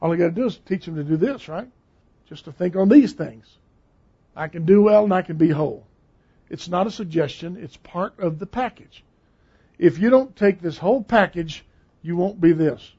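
A man's voice: high voice, normal speed, dark tone, husky. An older man preaching a sermon with emphatic, repeated phrases. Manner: emphatic, repeating key words. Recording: dull lo-fi sound.

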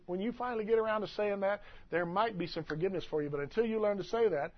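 A man preaching a sermon as pastor, emphatic and swinging between loud and soft delivery. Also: fairly high pitch, lo-fi sound.

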